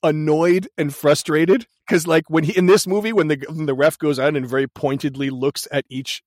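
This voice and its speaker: A man co-hosting a podcast, recapping a movie in casual chat, animated and profane, laughing often. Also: fairly high pitch, normal speed, no echo, clean studio sound. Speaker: podcast co-host.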